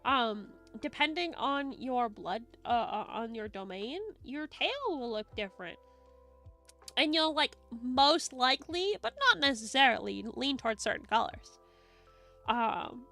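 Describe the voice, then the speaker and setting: A woman streamer chatting casually, rambling and excitable, swearing and giggling often. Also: a little high, vocal fry.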